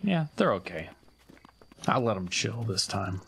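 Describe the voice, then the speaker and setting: A man's voice: lowish voice, sing-song, unhurried, vocal fry, a bit bright, slightly rough. Laid-back man chatting while gaming. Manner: laid-back and offhand, with mumbled asides about the game. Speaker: streamer playing the game. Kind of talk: casual chat while playing a video game.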